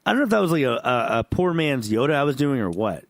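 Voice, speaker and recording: A man's voice: medium pitch, sing-song, quick pace, no echo. A man co-hosting a podcast in casual chat, tipsy, rambling, profane and laughing often. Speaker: podcast co-host.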